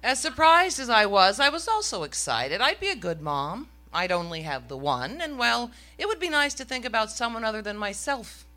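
Bright-voiced woman telling a wry story. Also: fairly high pitch, very animated, normal speed, few pauses. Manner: wry, self-mocking comic delivery. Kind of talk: live stage storytelling. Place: stage before a live audience.

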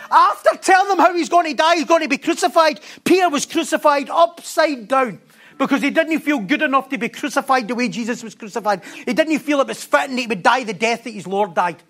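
A man with a strikingly high voice preaches to his congregation with energy. He laughs often and keeps asking his listeners questions as he builds his points. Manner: animated, laughing, asks the congregation rhetorical questions. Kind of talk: sermon.

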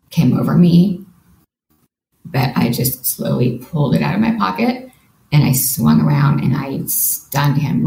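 A woman's voice: low-pitched, creaky, mellow. A woman guest in a podcast interview, earnestly retelling a personal experience and voicing her own thoughts along the way. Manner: earnest, vivid retelling with quoted inner thoughts. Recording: roomy echo with faint background noise.

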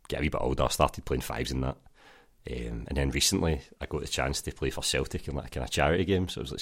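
A man's voice: extremely low pitch, vocal fry. A Scottish man in his thirties, a podcast guest telling rambling anecdotes full of fillers and "mate". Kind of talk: casual chat.

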